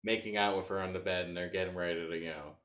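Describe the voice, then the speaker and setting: A man's voice: low voice, steady tone, fast talker, fairly bright tone, roomy sound. A man co-hosting a casual movie review podcast, laid-back and laughing often, mostly giving brief replies. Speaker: podcast co-host.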